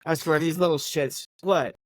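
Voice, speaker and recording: A man's voice: on the high side, steady tone, normal speed, no echo. A man co-hosting a casual movie review podcast, talking animatedly and swearing as he retells scenes. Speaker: podcast co-host.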